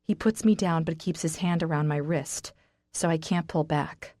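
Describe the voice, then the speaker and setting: A woman reading a first-person romance audiobook in an intimate, steady way. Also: low voice, normal speed, no room sound, studio quality. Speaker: audiobook narrator.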